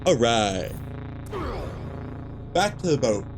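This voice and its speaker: A man streaming a game, talking to himself in a relaxed, muttering way while he plays, with hiccups. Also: mid-range voice, slow, music in the background. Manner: muttering to himself, laid-back. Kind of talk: casual gameplay commentary. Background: game ambience and engine noise.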